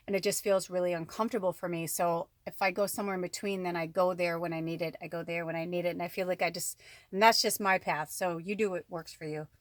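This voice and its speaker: A woman's voice: mid-range voice, no room sound. A woman sits at home giving a loose, chatty card reading for her viewers. She wanders off into asides and fills her talk with "like". Her voice sits in a middling range and sounds close and dry. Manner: rambling and chatty, lots of "like" and asides. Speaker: spiritual card reader. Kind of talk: casual oracle card reading vlog. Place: at home indoors.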